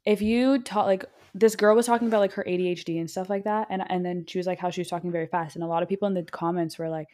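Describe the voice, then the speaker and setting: Loud, fast-talking young woman chatting. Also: lowish voice, steady tone. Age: young adult. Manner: fast-talking, goes on tangents. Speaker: podcast co-host. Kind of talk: casual chat.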